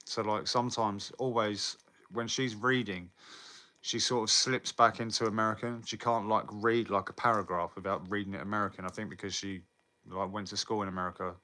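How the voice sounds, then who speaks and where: Bright-toned British man rambling casually. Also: on the low side, fairly even intonation, brisk. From Britain. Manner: rambling, swears often, laughs between lines. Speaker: live streamer. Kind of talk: casual live chat reading viewer comments.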